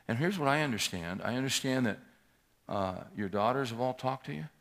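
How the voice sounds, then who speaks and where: A man's voice: mid-range voice, lively intonation, brisk, creaky, a bit bright. A man in his sixties preaching a sermon, telling a story and acting out a tense confrontation with rising force. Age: 60s. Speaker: pastor.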